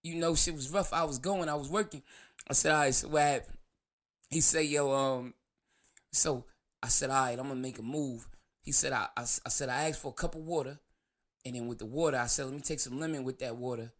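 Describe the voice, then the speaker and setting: A man's voice: mid-range voice, steady tone, fairly quick, a bit bright. A man from New York hosting his own show, telling a rambling story in casual talk, laughing and swearing as he goes. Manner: rambling, laughs through the story, loose profanity. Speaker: show host.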